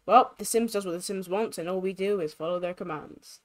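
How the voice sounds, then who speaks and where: A woman's voice: medium pitch, a little fast. A woman hosting a gaming channel, giving bubbly, chatty commentary while she plays and filling her talk with "like". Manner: bubbly, lots of fillers like "like".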